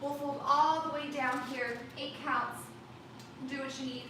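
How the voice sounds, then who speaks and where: A woman teaching an online ballet class, giving calm step-by-step cues and counts. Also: sits high, measured pace, background noise. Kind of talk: online dance class instruction. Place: dance studio. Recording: roomy studio with distant mic. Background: loud class music.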